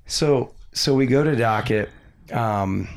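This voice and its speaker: A man's voice: mid-range voice, slow. A man, a podcast guest, casually telling a rambling story and laughing as he goes.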